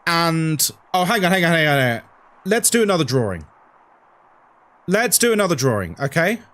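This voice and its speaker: A man streaming a game and chatting casually, telling rambling, animated stories and repeating himself a lot. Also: a little high, moderate pace.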